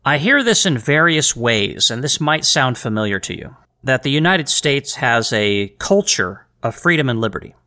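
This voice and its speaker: A man's voice: medium pitch, big pitch swings, normal speed, few pauses, pushed and bright. A man hosting a solo podcast, talking in an earnest, emphatic way with rhetorical questions and frequent restarts. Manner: repeats words and restarts phrases. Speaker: podcast host.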